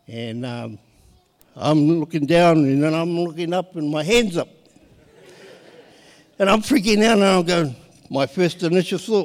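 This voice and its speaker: A middle-aged man, telling a personal story in a lively way and laughing often. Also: fairly high pitch, unhurried, long pauses, long reverb tail. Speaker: guest sharing his testimony.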